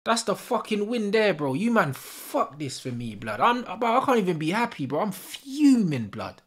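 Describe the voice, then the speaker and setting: A football fan channel host rants during a live match, his high-pitched voice sing-song at normal speed. He's furious, slangy, and swearing nonstop.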